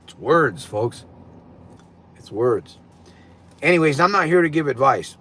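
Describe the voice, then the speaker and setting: A man's voice: mid-range voice, expressive, unhurried, a bit bright. A middle-aged man hosting a livestream in casual, rambling talk, repeating himself for emphasis. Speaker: livestream host.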